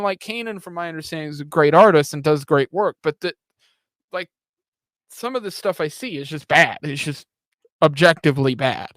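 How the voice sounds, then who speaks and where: A man hosting a reaction show, blunt and critical, with profanity in his casual commentary. His voice is fairly high for a man. The sound is close and dry, with no room echo.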